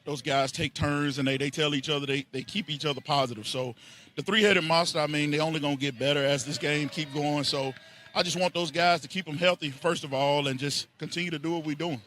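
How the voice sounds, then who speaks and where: A man, a head football coach, giving an excited, emphatic postgame interview on an outdoor field sideline. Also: on the high side, brisk.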